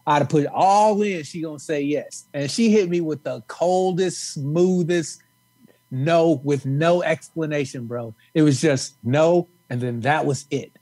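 Husky man telling a blunt story. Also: on the high side, a little slow, mellow, no room sound. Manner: blunt, crude punchlines, laid-back storytelling. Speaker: podcast co-host. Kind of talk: casual comedic chat and storytelling.

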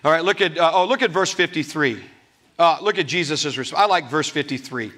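A man's voice: a little high, brisk, pushed and bright. A middle-aged male pastor preaching a sermon to his congregation, laughing often and acting out voices from scripture.

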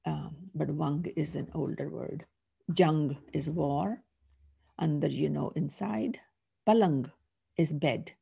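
A woman's voice: low voice, slow pace, vocal fry, warm tone, breathy edge. A middle-aged woman teaching a language class, patiently sounding out each letter before saying the whole word. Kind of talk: slow, patient phonics lesson.

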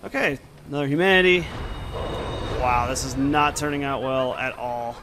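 A man's voice: mid-range voice, moderate pace. A young man commenting on his own gameplay, talking to himself and swearing often when frustrated. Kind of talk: let's play commentary. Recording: steady noise behind the voice.

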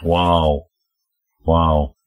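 A man's voice: very deep voice, flat delivery, very slow. A man hosting his own opinion vlog. He reads social media posts aloud and answers them in a heated, preachy way, speaking straight to the people he names. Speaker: channel host.

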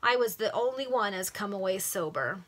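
Woman doing a blunt, rough-spoken ostler. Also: mid-range voice, lively intonation, moderate pace, lightly acted. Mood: dry. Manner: rough, ungrammatical speech. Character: rough working-class male ostler, blunt and dry.

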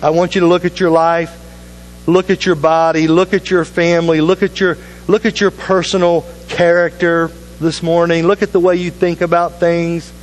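A man's voice: fairly high pitch, level tone, moderate pace, soft background music, low-quality recording. Earnest man preaching a sermon. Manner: earnest and urging, with repeated appeals. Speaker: pastor. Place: church sanctuary.

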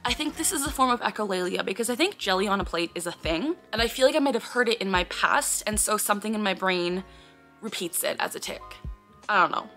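A woman vlogger talks casually to the camera in a bright, clear tone at an ordinary middle pitch. She explains things earnestly, often breaking off with sudden blurted words and sighs. Faint music plays behind her. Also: lively intonation, quick pace.

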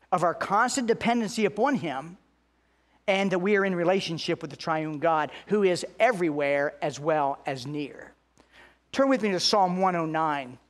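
A pastor preaching a sermon, earnest, slowing down and lifting his voice to stress key points. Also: sits high, fairly bright tone. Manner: earnest preaching, slows and rises for emphasis.

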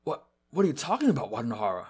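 A man voicing a loyal young male shark, alarmed and pleading in a fairly high voice. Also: wildly swooping pitch, rapid-fire, darkish tone, breathy edge, full character voice.

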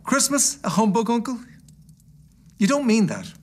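A man voicing a cheerful young nephew, bright and pleading. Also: very high-pitched, wildly swooping pitch, a little slow, pitched above the performer's own voice, exaggerated voice.

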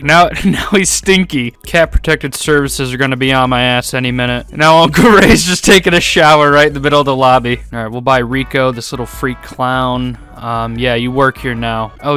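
A man's voice: mid-range voice, sharp tone, smooth. A man commenting sarcastically on a video game as he plays, laughing often and feigning outrage. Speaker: gaming streamer.

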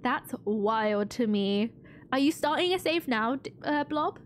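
A woman streaming a game who gushes with excitement and chats with her viewers. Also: sits high, slow pace, slight background noise. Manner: gushing, excitable, chatting with viewers. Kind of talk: casual live-stream commentary.

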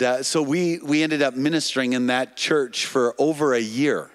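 A man preaching a sermon, telling a healing story in an animated way and calling out to the congregation. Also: medium pitch. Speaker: evangelist preacher. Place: church or TV broadcast stage.

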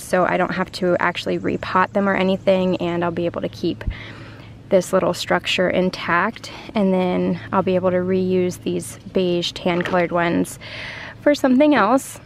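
A woman's voice: fairly low pitch, creaky, slight background noise. A woman vlogger chatting casually and rambling to a handheld camera outdoors in her yard. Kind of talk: casual vlog talk to camera.

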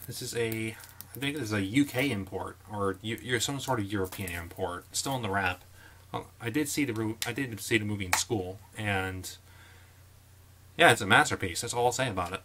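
Young male vlogger, bright and punchy, casual and joking, faint background hiss. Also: fairly low pitch. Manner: chatty, jokey asides and quick opinions. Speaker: collector showing his movie collection. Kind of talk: casual vlog commentary.

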